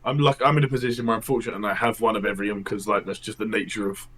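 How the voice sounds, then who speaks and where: A man's voice: lowish voice, fairly even intonation, racing, a bit bright, slight background noise. A man, a podcast guest, chatting casually with many hesitant restarts. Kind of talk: casual chat.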